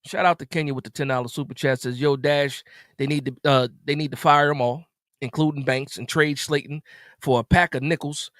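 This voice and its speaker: A man hosting a live stream, ranting in an exasperated way after a game, repeating himself and jumping suddenly louder. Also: on the high side, fairly even intonation, fairly quick, dry recording, studio quality. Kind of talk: animated post-game rant.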